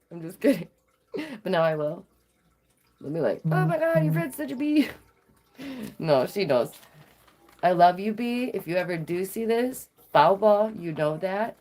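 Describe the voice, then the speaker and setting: Sassy, animated woman vlogger. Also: medium pitch. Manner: sassy, animated, laughs often. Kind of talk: casual storytelling to viewers.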